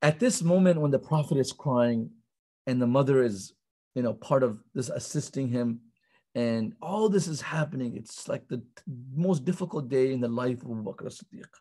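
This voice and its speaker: A man teaching a class at an Islamic center, retelling a story quickly and reading Arabic passages aloud before paraphrasing them. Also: medium pitch, animated, mellow. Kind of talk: storytelling lesson.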